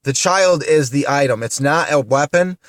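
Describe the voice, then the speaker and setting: A man's voice: a little high, moderate pace, dry recording, clean studio sound. A man in his thirties from upstate New York, venting to the camera in an upset, indignant way, tearful and repeating himself. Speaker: vlogger.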